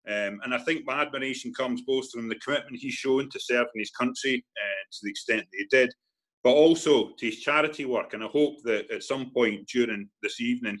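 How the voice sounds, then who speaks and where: A man's voice: mid-range voice, a bit bright. Host, man, average voice, careful and hesitant, video-call audio. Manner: measured, with many fillers. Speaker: host introducing a guest. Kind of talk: meeting introduction.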